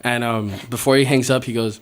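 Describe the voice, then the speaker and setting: A young man hosting a podcast, telling a story in a casual, animated way, with lots of swearing and laughter. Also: medium pitch, fairly quick. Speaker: podcast host. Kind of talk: casual storytelling among friends. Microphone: podcast studio mic.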